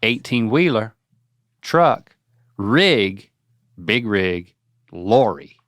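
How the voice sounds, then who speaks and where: A playful young man hosting a casual chat, his pitch swinging up and down as he jokes and rattles off options. The recording is dry and close, with no room sound. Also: big pitch swings, fairly bright tone, no echo. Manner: playful, joking, lists options rapidly. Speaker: podcast host. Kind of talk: casual chat, quiz questions.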